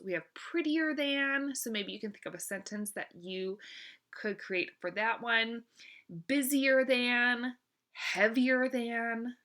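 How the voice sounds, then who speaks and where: A woman teaching a grammar lesson, speaking clearly and encouragingly and drawing out each example word. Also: on the high side, bright, forceful tone.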